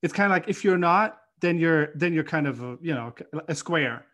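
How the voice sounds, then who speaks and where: Man, casual host, a bit high-pitched, rambling and animated. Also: moderate pace. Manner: rambling, animated storytelling with many fillers. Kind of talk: casual conversation.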